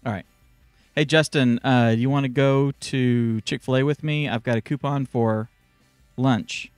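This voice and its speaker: A man's voice: mid-range voice, fairly even intonation, unhurried, smooth, dry recording, faint music behind. A man hosting a casual live stream show, playful and joking while he sets things up. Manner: playful, jokey, multitasking. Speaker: show host.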